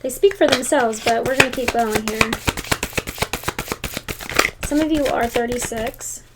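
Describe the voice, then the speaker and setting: A woman's voice: fairly high pitch, a little slow, very noisy. A woman giving a tarot reading to viewers in an emphatic, encouraging way. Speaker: tarot reader.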